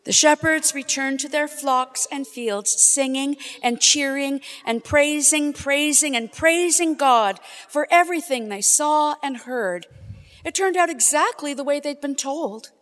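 A woman reading a nativity story aloud in a church with expressive, sing-song delivery. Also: high voice, measured pace. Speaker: scripture storyteller. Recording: long church-hall reverb.

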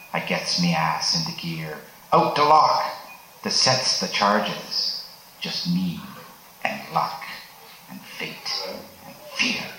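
A man's voice: low voice, pushed and bright. A man voicing a boastful, hard-drinking male asteroid miner who talks like a pirate, reciting rhymed verse in the cowboy-poetry manner at a live open stage. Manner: rhyming cowboy-style verse in pirate dialect. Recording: echoey open stage with room noise.

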